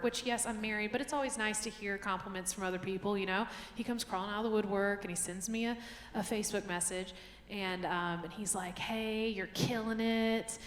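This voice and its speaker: A woman's voice: medium pitch, a bit bright, slight background noise. A woman performs a live stand-up set on a theater stage, chatty and self-mocking with punchy asides. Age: late 30s. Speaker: stand-up comedian. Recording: echoey theater hall, faint crowd. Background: audience ambience.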